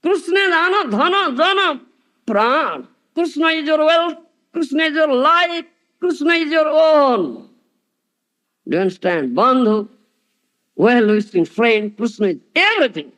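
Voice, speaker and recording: A man giving a scripture lecture as a spiritual teacher, with many "uh" fillers, who keeps asking "do you understand?" and chants verses quickly. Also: very high-pitched, fairly bright tone.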